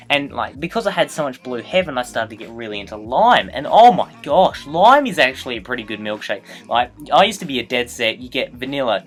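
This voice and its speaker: Male let's-play host, middle pitch, chatty and tangent-prone, soft music bed behind. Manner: rambling, excitable, goes off on tangents. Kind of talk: casual gameplay commentary.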